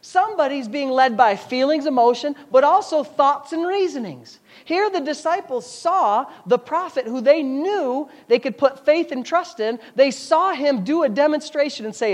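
High-voiced man preaching a sermon. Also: animated, a little slow, hardly any pauses. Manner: emphatic, preacherly, repeats himself for emphasis. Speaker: pastor.

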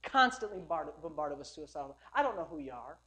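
A male pastor preaching a sermon at a church service, emphatic and repetitive, building up to loud declarations. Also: a little high, very animated, fast.

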